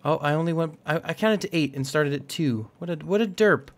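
Fairly quick and on the high side, this young male gaming channel host chats casually through a building game. His let's-play commentary wanders, full of jokes and self-mockery.

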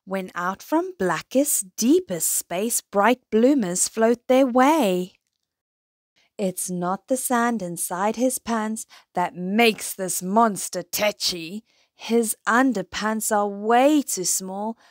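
A woman reading a rhyming children's picture book aloud in a slow, rhythmic way. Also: medium pitch, dry recording, clean studio sound. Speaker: storyteller.

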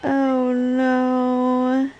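A woman's voice: high voice, completely flat delivery, extremely slow, a little mellow, highs cut off. A young woman reacting to a TV finale, gasping and gushing over each scene. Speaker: reaction vlogger. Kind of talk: emotional TV reaction commentary.

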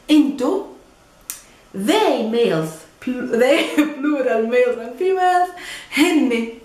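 A woman's voice: high voice, roomy sound. A woman with a Palestinian Arabic accent gives a casual language lesson, chatting and often checking in with "okay?" and "mm?". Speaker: Arabic teacher.

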